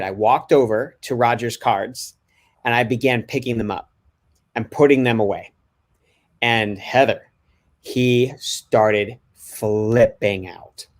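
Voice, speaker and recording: Male podcast co-host, mid-pitched voice, candid and self-reflective storyteller. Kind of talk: casual podcast chat.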